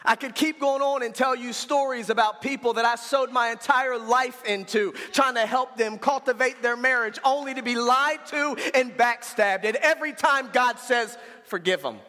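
A man preaching a sermon as pastor, talking frankly and colloquially and building to shouts. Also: extremely high pitch, steady tone, moderate pace, few pauses, in a large hall, soft background music.

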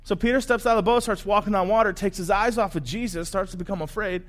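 A man pastor giving a sermon, telling the story in a conversational, animated way. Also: high-pitched, quick pace.

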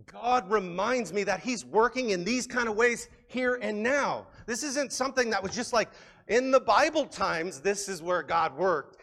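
A man with a fairly high voice delivers a sermon from the pulpit. He talks casually and with animation, repeating and restarting words as he builds his points. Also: gravelly. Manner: conversational, animated preaching with frequent restarts. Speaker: pastor.

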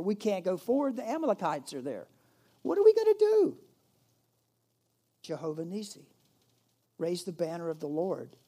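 A man preaching a sermon as pastor, conversational, swinging between emphatic rises and hushed, quiet moments. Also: high-pitched.

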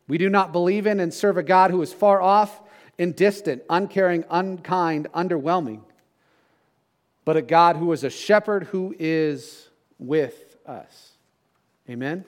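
Middle-aged guy preaching a sermon, kinda high voice, chatty, keeps saying right?. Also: a little slow. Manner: conversational preaching with frequent "right?" asides. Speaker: pastor.

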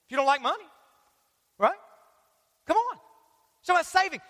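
A pastor gives a lively, joking sermon, addressing the congregation directly. His voice is very high and bright. Long hall reverb surrounds him. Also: normal speed. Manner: energetic, joking, talks straight to the crowd. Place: large church auditorium.

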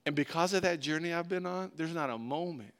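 A man preaching as pastor, talking to his congregation in a loose, conversational way. His voice sits a touch high and comes through smooth and clear. He slips into short spoken bits as God and Moses. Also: a little fast, fairly bright tone. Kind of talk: sermon.

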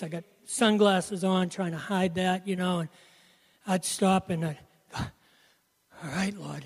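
A man with a notably high voice shares an earnest personal testimony, telling it as a story with a loose, conversational rhythm. His voice rings out with a long hall reverb around it. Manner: earnest storytelling with frequent "you know". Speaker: Christian speaker sharing testimony.

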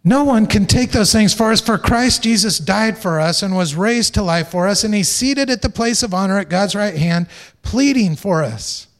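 A man's voice: sits high, expressive, moderate pace. A man preaching a sermon as pastor, emphatic, stressing points through repeated phrases and joking lightly with the congregation.

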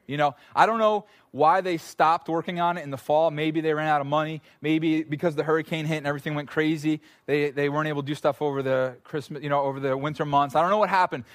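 A male pastor preaches at an evening church service, his voice sitting a touch high for a man. He talks to the congregation like friends, spinning animated, casual stories with playful little asides. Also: fairly quick. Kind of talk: sermon.

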